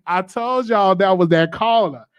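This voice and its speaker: A man's voice: on the high side, no echo. A man hosting a live call-in show, cutting in on callers and stammering over repeated words. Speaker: radio show host taking calls.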